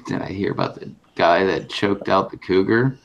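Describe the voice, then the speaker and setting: Man, casual chat, dry joking, low voice, dull noisy lo-fi line. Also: measured pace, vocal fry.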